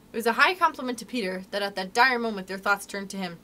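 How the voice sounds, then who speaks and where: A young adult woman, a librarian, reading a story aloud to children in an expressive, animated way. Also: medium pitch, fast talker.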